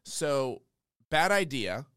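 A man co-hosting a comic book podcast in relaxed casual chat, laughing easily. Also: medium pitch, extremely slow, clear, resonant tone, no echo, clean studio sound. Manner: laid-back, laughs often. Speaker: podcast co-host.

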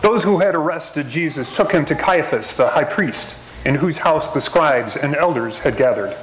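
A man reading scripture aloud in a measured, steady way as a lay reader in church. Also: a little high, roomy sound, slight background noise, rough recording. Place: church sanctuary.

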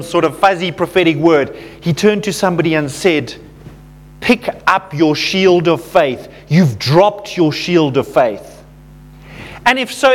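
A man with a notably high voice delivers a sermon to a congregation. He talks casually, with plenty of fillers, and turns personal stories into gentle lessons. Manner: conversational, self-deprecating storytelling with fillers. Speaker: pastor.

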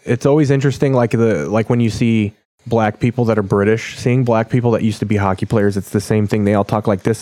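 A man's voice: lowish voice, steady tone, brisk, mellow, no room sound. A man hosting a podcast, chatting loosely and jokingly while flipping through channels, rambling and swearing. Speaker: podcast host. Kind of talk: casual chat while channel surfing.

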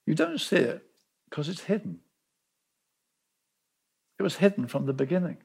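A man preaching a sermon, telling the story with lively emphasis and repeating words to drive points home. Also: on the high side, gravelly, breathy edge. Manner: animated storytelling, acting out quoted voices.

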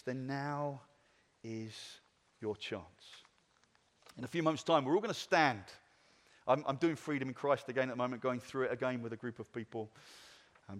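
A man preaching a sermon as pastor, then leading the congregation through a slow, measured recitation. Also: medium pitch. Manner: earnest, leads a slow, paced group recitation. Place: church hall. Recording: long reverb of a church hall.

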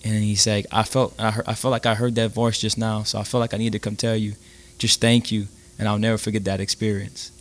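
A man guest on a faith podcast, telling stories in a lively, halting way with many restarts. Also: on the low side. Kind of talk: casual storytelling.

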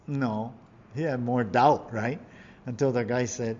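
A man's voice: mid-range voice, fairly even intonation, measured pace, a little mellow, slight background noise. Man preaching in a lo-fi recording. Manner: conversational preaching, acts out quoted figures with raised voice. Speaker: pastor. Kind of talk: sermon.

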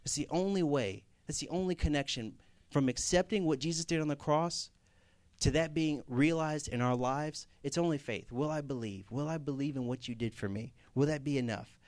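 A man's voice: fairly high pitch, normal speed, a little mellow, dry recording. A young man preaching a sermon in a conversational way, rising to emphatic Scripture reading.

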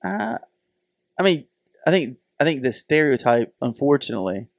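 A man's voice: medium pitch, normal speed, creaky, dry recording, clean studio sound. A middle-aged man co-hosting a podcast in casual chat, telling stories animatedly and acting out the voices. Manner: animated storytelling, acts out voices. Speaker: podcast co-host.

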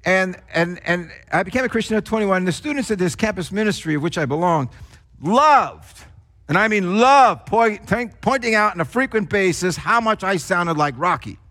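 High-voiced older preacher, emphatic swings. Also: male voice, expressive, normal speed. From New Jersey. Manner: emphatic, swings between hushed drops and raised stresses. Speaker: pastor. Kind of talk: sermon.

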